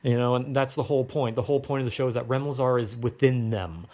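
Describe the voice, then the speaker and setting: A man's voice: mid-range voice, fast talker, darkish tone. A young man rambling through a movie recap from memory, profane and full of fillers. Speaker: vlogger.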